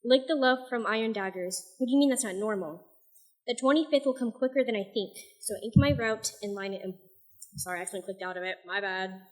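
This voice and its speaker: A young woman reading her own poetry and a novel excerpt aloud at an open mic night, soft-spoken and a little self-deprecating between pieces. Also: medium pitch, fast.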